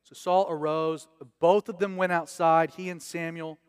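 A man's voice: on the high side, flat delivery, normal speed, clear, resonant tone, no echo, clean studio sound. A man preaching a casual verse-by-verse sermon as pastor, conversational and joking with slang asides.

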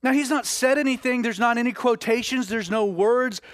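A man preaching a sermon, telling a scripture story with dramatic swings between loud declarations and hushed lines. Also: very high-pitched, moderate pace, few pauses, no room sound.

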